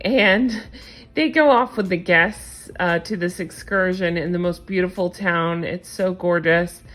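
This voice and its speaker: A woman's voice: medium pitch, fairly bright tone. A woman hosting a casual reality-show recap, opinionated and sarcastic, often exasperated. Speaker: recap host.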